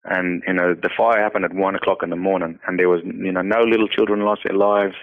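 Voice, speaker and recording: A man's voice: low-pitched, level tone, fast. A man, founder of a nonprofit, earnestly telling a personal story in an interview, often repeating himself and saying "you know". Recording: tinny phone-line audio.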